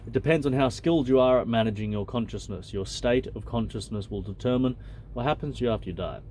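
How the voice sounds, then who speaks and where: A man alternates between reading a spiritual text aloud and adding his own blunt, swearing commentary. His voice sits at an ordinary middle pitch for a man. A faint background noise runs under the voice. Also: fast talker, darkish tone. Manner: blunt, swears freely, loose and conversational. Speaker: channel host.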